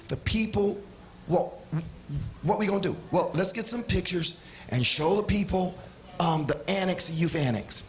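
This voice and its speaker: A man preaching a sermon with passion, swinging from shouts down to quiet asides. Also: high-pitched, roomy sound. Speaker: pastor. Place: church sanctuary.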